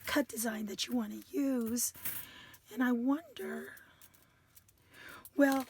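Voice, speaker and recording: A hoarse woman with a high voice shows off craft supplies in an unhurried, rambling way. She is losing her voice, so much of it comes out strained and half-whispered. There is a faint hiss behind her. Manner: chatty, enthusiastic, rambling. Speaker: craft vlogger. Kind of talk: casual craft haul chat.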